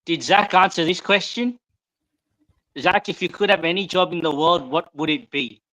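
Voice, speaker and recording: Bright, slightly high man, playful and insistent. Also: normal speed, no room sound, rough recording. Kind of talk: casual chat.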